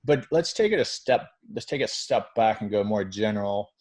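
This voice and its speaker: A man's voice: fairly low pitch, animated, normal speed, darkish tone. A man hosting a podcast interview, talking earnestly and emphatically and restarting his phrases. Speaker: podcast host. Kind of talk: conversational interview.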